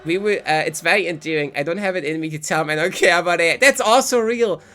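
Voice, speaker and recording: Bright, high-voiced profane young streamer. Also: male voice, steady tone, fast talker. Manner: rambling, profane, incredulous. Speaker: live streamer. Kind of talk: casual game-stream commentary.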